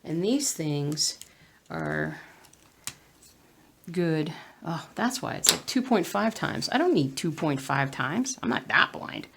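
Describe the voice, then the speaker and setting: A woman's voice: low-pitched, very animated, takes it slowly, very noisy. A woman with a Southern US accent chatting casually while she stitches at home, muttering to herself and sometimes dropping into a whisper. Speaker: cross-stitch vlogger.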